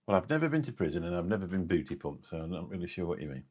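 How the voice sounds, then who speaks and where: A man's voice: deep voice, sing-song, very fast, warm tone, slightly rough. A man in his fifties with an English accent, a taxi driver chatting late at night on his live stream, rambling and forgetful as he answers viewers' comments.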